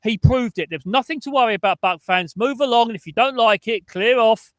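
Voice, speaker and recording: A man on a sports talk panel, animated and opinionated. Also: very high voice, fairly quick, no echo.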